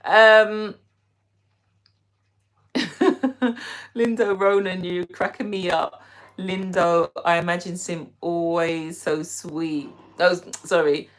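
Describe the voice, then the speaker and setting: A young woman from Britain runs a live stream, reading the chat, giggling, and casually answering viewers by name. She talks slowly in a fairly low, steady voice, leaving long pauses.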